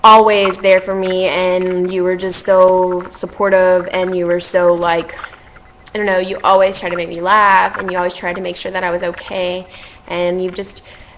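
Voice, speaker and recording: A woman's voice: on the low side, little pitch movement, moderate pace, slight background noise, low-quality recording. A young woman, talking in a heartfelt, rambling way and teary as she thanks family and friends in a vlog. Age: young adult. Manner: heartfelt, rambling, tearful with laughs. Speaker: vlogger. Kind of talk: emotional thank-you vlog.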